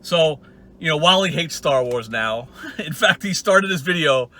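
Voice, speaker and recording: A man's voice: a little high, expressive, unhurried, bright, forceful tone. A man hosting his own channel, ranting casually in a profane, sarcastic and rambling way. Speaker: channel host.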